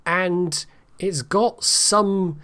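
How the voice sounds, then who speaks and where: A man's voice: high voice, very slow, pushed and bright, clear, resonant tone. A man giving a casual, rambling book review, hesitant and full of restarts.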